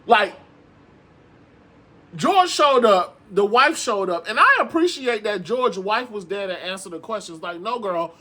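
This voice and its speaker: A man with a high voice recaps reality TV in sassy, animated casual commentary. He calls his viewers "girl", repeats himself for emphasis and swears freely. His tone is bright and sharp. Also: measured pace. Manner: frequent profanity and emphatic repetition.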